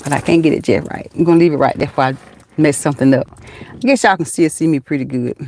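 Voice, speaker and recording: A woman's voice: deep voice, fast, darkish tone. Folksy Southern woman chatting in a car. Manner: chatty, folksy, calls viewers honey and child. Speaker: livestream host. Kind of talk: casual live chat. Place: inside a parked car.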